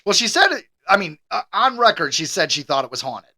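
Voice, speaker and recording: A man co-hosting a podcast in casual banter, joking and quick to interrupt. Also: high voice, very animated, sharp tone. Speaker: podcast co-host.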